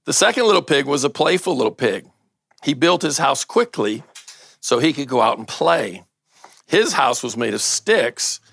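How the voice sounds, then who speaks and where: Gravelly older male pastor, lively. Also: medium pitch, moderate pace. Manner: lively storyteller, banters and laughs with the audience. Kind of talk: casual sermon with a read-aloud story.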